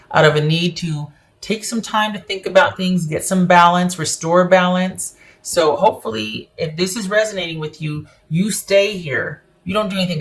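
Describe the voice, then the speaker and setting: A woman's voice: on the low side, a bit bright. Emphatic woman giving a tarot reading. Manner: emphatic and opinionated, addresses the viewer directly. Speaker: tarot reader. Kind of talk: casual tarot reading to camera.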